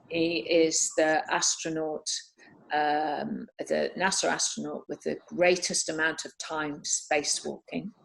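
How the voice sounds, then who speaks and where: A woman in her fifties from Britain, chatty and quick to laugh, answering questions in a casual video chat. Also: sits low, gravelly. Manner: chatty, laughs often, many fillers. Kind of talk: casual Q&A over video call.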